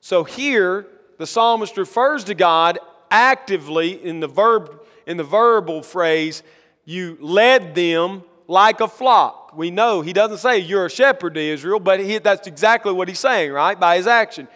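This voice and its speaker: A male pastor preaching a sermon, reading scripture slowly and building to emphatic, rising lines. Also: high-pitched, fairly bright tone, big-room sound. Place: church sanctuary.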